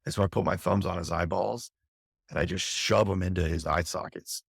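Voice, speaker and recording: Man, middle-aged, very low voice, husky, fire captain telling his story, vivid and intense. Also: fairly even intonation, fairly quick, dry recording, studio quality. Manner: intense, vivid recounting with frequent restarts. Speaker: fire captain, podcast guest. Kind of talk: candid interview storytelling.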